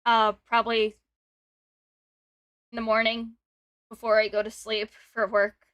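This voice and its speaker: A woman in her twenties hosts a casual stream, giggling often, reading chat messages aloud and talking over her guest. Her voice sits on the high side with a fairly bright tone, delivered a little slowly and in a monotone, with no echo.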